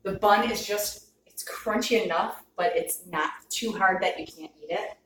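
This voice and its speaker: A woman chatting excitedly to viewers as she cooks and tastes food, gushing and talking straight to the camera. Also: mid-range voice, unhurried, a little hiss or hum. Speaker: cooking vlogger. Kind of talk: casual cooking chat to camera. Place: home kitchen. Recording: echoey kitchen, mic at a distance. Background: clinking dishes and cutlery.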